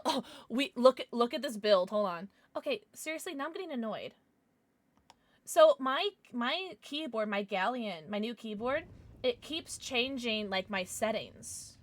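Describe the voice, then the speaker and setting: A woman's voice: a little high, animated, measured pace, no room sound. A young woman streaming a game, chatting frankly and bluntly with her viewers. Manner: blunt and irritable, swears. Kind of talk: casual livestream chat.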